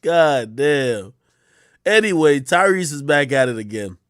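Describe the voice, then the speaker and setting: A man's voice: on the high side, very animated, a little slow, fairly bright tone, clear, resonant tone, no room sound, studio quality. A man streaming, reacting to clips in a mocking, profane, casual commentary style.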